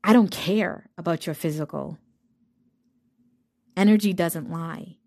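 A woman's voice: lowish voice, measured pace, pauses often, darkish tone. A woman giving a fired-up, blunt spiritual rant full of swearing, talking straight to her viewers. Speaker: spiritual reader. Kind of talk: ranting monologue.

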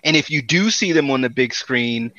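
A man co-hosting a podcast, talking enthusiastically about a movie, stumbling over repeated words when he gets excited. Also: mid-range voice, moderate pace, highs cut off. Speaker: podcast co-host. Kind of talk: casual movie review chat.

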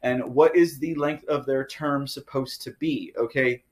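A man's voice: mid-range voice, steady tone, a little slow. A man from Texas, hosting a live political commentary show in a fired-up, ranting way, often tossing in "okay?" and "guys".

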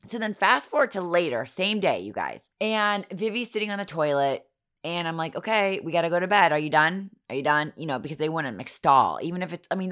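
A woman in her thirties hosting a podcast, hoarse, telling funny stories about her kids in a giggly, self-mocking way. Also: low voice, bright, forceful tone. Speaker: podcast host. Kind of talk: casual chatty storytelling.

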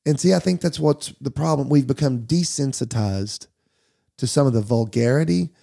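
A man's voice: medium pitch, moderate pace, vocal fry, warm tone. A man, a pastor hosting the talk, speaking candidly and easily in casual conversation. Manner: easygoing, candid, storytelling. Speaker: pastor and podcast host. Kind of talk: casual chat.

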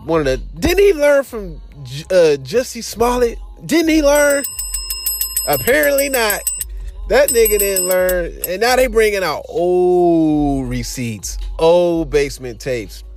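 Young guy hosting a show, aave, cussing and riffing loose, voice jumps all over, kinda high, faint music under it. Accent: African American Vernacular English. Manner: loose, profane, laughing asides. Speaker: podcast host. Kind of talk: casual commentary.

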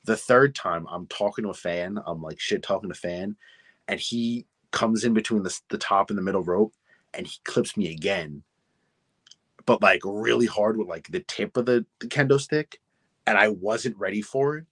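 Young male guest, husky and low, dry close mic, casual self-deprecating storyteller. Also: moderate pace, fairly bright tone, no echo. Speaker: podcast guest, wrestler. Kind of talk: casual interview chat.

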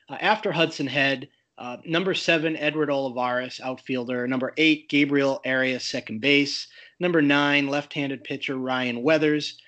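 A man's voice: mid-range voice, fairly bright tone. Hesitant podcast co-host man, muffled audio. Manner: hesitant with fillers, reads out lists. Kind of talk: casual podcast chat.

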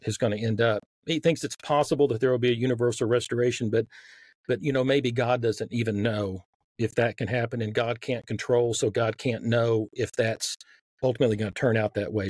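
A man's voice: mid-range voice, darkish tone, no room sound. A man with a light Southern drawl talks through his argument in an earnest, explanatory way, often restarting a phrase before pressing on. His voice sits in a middle register and sounds close and dry, with no room around it. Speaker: guest author. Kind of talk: casual podcast conversation.

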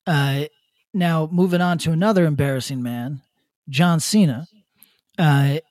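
A man co-hosting a podcast, ranting bluntly with swearing and halting restarts. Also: fairly high pitch, a little mellow, no room sound, studio quality. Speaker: podcast co-host. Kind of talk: casual opinion rant.

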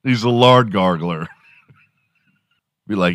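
A man in his forties talks alone on his own podcast, with a somewhat low voice. He rambles through crude jokes and keeps laughing at himself. The sound is dry and close, with no room around it. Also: expressive, unhurried, long pauses, a bit bright, no echo. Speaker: podcast host. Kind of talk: solo comedic podcast rant.

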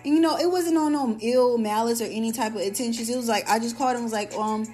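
A young woman hosts a podcast and tells a story in an animated, cussing, casual way, acting out the quoted lines. Her voice sits high, with faint music playing underneath. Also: quick pace. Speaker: podcast host.

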